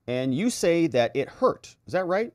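A man's voice: a little high, very animated, measured pace, no echo, studio quality. A man quoting a blunt male defense attorney, read in a pressing, sarcastic tone.

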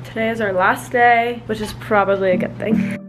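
A woman's voice: fairly high pitch, fairly even intonation, moderate pace, loud music behind the voice, poor audio. A young woman vlogging in a casual, giggly way, worn out by a long trip. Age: young adult. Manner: bubbly, giggly. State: tired, worn-out voice. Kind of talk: casual vlog chat.

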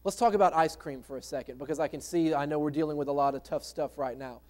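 A man's voice: a little high, fast, a little mellow. A man preaching a sermon as pastor, in a conversational way with rhetorical questions to the congregation. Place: church sanctuary.

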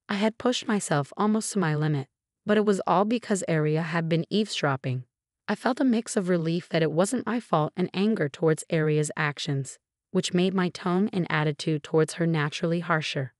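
Woman narrator, scripted storytelling, steady and even, lowish voice, dry close recording. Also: no room sound.

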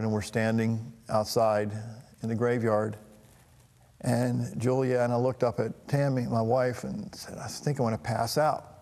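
A middle-aged man telling a personal family story in a halting, emotional way, with frequent restarts. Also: medium pitch, a little mellow, long reverb tail. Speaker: talk show host.

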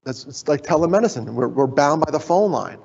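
Gravelly, husky man telling stories in an echoey hall. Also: on the high side, a little fast. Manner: animated storyteller acting out quoted voices. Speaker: conference speaker. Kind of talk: storytelling conference talk. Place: conference hall. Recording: echoey hall, dull sound.

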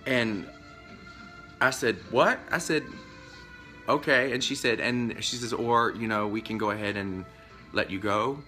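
A man telling a story to his camera in a casual rant, rambling and acting out both sides of a conversation, his pitch jumping up when he gets upset. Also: a little slow, pauses often, pushed and bright, faint music behind. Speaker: vlogger telling of being fired.

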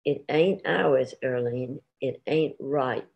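A woman reading the part of a lean, gruff farmer who grumbles in rural dialect. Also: on the high side, expressive, moderate pace, a little mellow, muffled recording. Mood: stubborn.

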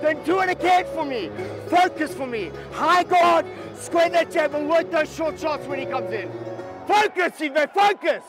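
A boxing trainer shouting short commands and encouragement to his fighter from the corner, his voice going hoarse. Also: very high-pitched, expressive, a little slow. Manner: urgent, barked short commands, repeated yells of encouragement. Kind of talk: ringside corner coaching. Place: loud boxing arena ringside. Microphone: clip-on mic on the trainer. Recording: loud crowd and music at ringside.

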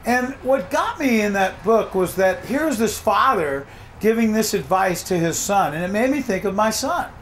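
A middle-aged man teaching a songwriting workshop, animated, acting out his own reactions as he talks. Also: high voice, normal speed, slight background noise. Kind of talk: workshop talk to a class.

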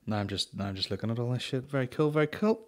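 A man's voice: medium pitch, expressive, rapid-fire. A Northern Irish man hosting a comedy podcast, chatting casually, swearing a lot and slipping into mocking impressions. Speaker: podcast host.

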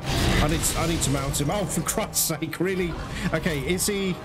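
A man doing gameplay commentary as a video host. He talks straight to viewers, swears, laughs often and gets excitable, over loud game music. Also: on the high side, moderate pace.

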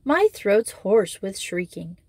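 A woman's voice: mid-range voice, very animated, takes it slowly, a little mellow, no room sound, full character voice. A woman reading aloud voices a schoolgirl murmuring a complaint. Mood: grumbling. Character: grumbling schoolgirl with hoarse throat.

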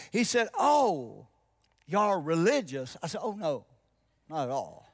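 A sermon story comes from a man with a fairly high, gravelly voice carrying a breathy edge. He speaks a little slowly in a sing-song manner, acting out both sides of a conversation and quieting to soft intensity for emphasis.

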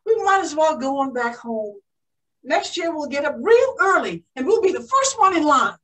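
A woman's voice: sits high, moderate pace, distant mic, rough recording. A woman playing an eager pioneering aviator. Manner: animated, gasping with excitement. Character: pioneering woman aviator recalling her childhood. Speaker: living-history performer. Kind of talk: one-woman storytelling performance.

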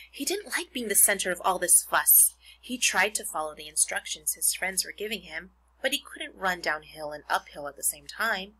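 A woman's voice: fairly low pitch, pushed and bright, poor audio. A woman teacher reading a children's book aloud, stopping now and then to explain words to her young listeners. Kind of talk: read-aloud storytime.

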